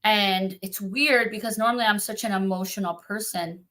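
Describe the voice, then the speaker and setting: A middle-aged woman, a psychic medium guest, telling her story in an interview with animated quoting. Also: moderate pace. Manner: animated, acts out quotes in a high voice.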